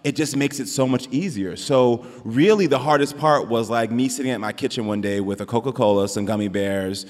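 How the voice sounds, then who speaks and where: A man's voice: mid-range voice, a little fast, few pauses, a little mellow. Earnest man speaking as guest on stage. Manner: earnest, emotional, effusive. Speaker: guest, author. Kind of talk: live stage conversation. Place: large hall with live audience. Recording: live hall reverb, audience.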